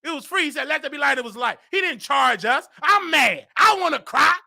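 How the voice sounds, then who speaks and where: A man hosting a comedy show, ranting with exaggerated indignation and bursts of shouting. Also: very high-pitched, big pitch swings, moderate pace, creaky.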